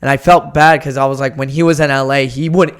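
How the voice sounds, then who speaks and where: A young man, a comedian guest, chatting casually on a podcast and telling stories in a lively way, acting out the lines of the people he quotes. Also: mid-range voice, fast talker, a crowd in the background. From United States. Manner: animated storyteller, acts out quoted lines.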